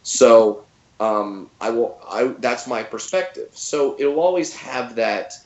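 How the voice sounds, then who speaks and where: A man's voice: medium pitch, animated, takes it slowly, darkish tone, echoey room, muffled recording. A man in his thirties, a comedian guest telling stories in a casual interview and acting out quotes in funny voices.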